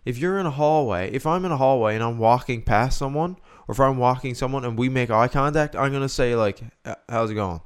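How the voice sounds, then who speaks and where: A young podcast co-host talks casually, musing aloud, rambling, and restarting his thoughts. His medium-pitched voice is smooth and fairly quick, with hardly any pauses.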